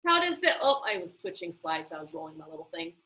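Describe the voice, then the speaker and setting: A woman's voice: fairly low pitch, sing-song, fast talker, pushed and bright, poor audio. A woman teaching a class over a video call, explaining step by step and checking in with frequent "okay?" and "um". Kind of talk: online class instruction.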